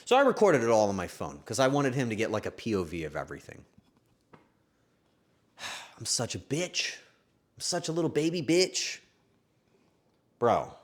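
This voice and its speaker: Lively emotional young male streamer. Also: medium pitch, moderate pace, pauses often. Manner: emotional, swears often, swings from loud to hushed. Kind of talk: casual stream chat.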